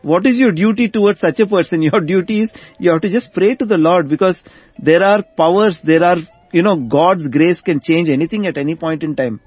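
A man with a high, husky voice tells a devotional story at an easy conversational pace. He acts out the dialogue of each person he describes. The sound is dull and lo-fi, with faint music behind him. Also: brisk, a little mellow, dry recording. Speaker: storyteller guest.

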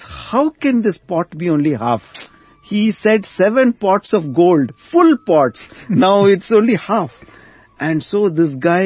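A man telling a spiritual story in an animated way during a conversation. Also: fairly high pitch, husky, no room sound. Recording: dull dry sound.

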